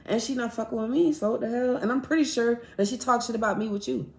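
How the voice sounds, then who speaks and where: A woman hosting a podcast, telling a personal story in a blunt, profane, animated way. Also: fairly high pitch, fast talker, creaky, reverberant. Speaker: podcast host. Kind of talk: casual storytelling.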